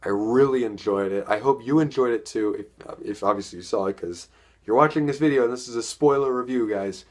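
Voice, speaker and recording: A man's voice: medium pitch, a little fast, a little mellow. A young man giving a casual, enthusiastic spoken film review, rambling and repeating words as he goes. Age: young adult.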